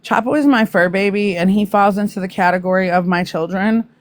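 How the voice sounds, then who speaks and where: A woman's voice: medium pitch, fairly quick, dry recording. A woman hosting a casual live stream, reacting to news with blunt, profane asides to her viewers.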